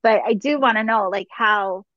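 A woman's voice: medium pitch, normal speed, fairly bright tone, no echo. Woman, podcast host, asks curious thoughtful questions, dry close sound, lo-fi. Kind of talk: conversational interview.

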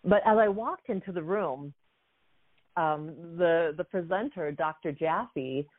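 A woman in her fifties, a guest coach and author, telling a personal story in a lively way with many "you know" fillers. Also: lowish voice, takes it slowly. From United States. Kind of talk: storytelling in a conversation. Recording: phone-like narrow sound.

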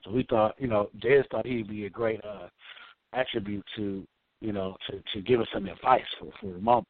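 A man's voice: on the low side, fairly even intonation, a little fast, no room sound. Laid-back Bay man over a tinny line. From Oakland, California. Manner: laid-back, peppers speech with "man" and "you know". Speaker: musician guest. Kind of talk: casual storytelling interview. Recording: tinny phone-like line, dry.

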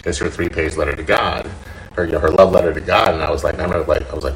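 A deep-voiced man with a gravelly edge tells a heartfelt personal story in an earnest, halting manner, restarting phrases and repeating words. Faint hiss sits under his voice. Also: fairly even intonation, fairly bright tone, poor audio. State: choked up, tearful. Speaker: podcast host.

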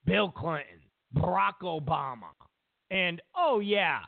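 A man's voice: high voice, expressive, a little slow, creaky, no room sound. A man hosting political commentary, ranting with sarcastic, mocking jabs. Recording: tinny phone-like line, dry.

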